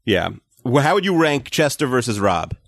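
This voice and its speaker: A man's voice: mid-range voice, big pitch swings, normal speed, a bit bright, no room sound, clean studio sound. A man in his forties hosting a podcast, chatting casually with a rambling, hesitant, teasing manner. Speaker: podcast host. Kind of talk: casual chat.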